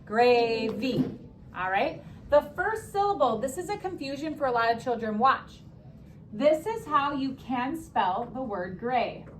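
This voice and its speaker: A young woman teaching spelling to a class, her high voice calling out words and drawing them out for emphasis. She talks with upbeat quick asides between the words. Faint room noise sits beneath her in the classroom. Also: animated.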